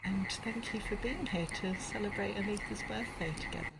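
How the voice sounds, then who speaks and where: A woman's voice: medium pitch, brisk, gravelly. Effusive English woman hosting outdoors. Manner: effusive, chatty, laughs easily. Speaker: podcast host. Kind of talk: warm interview chat. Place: outdoors among birds and insects. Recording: outdoor noise of birds and cicadas. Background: kookaburras and cicadas.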